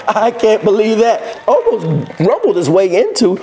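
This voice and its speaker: A man giving excited, jokey play-by-play over football highlight footage, whooping at big plays. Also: a little slow.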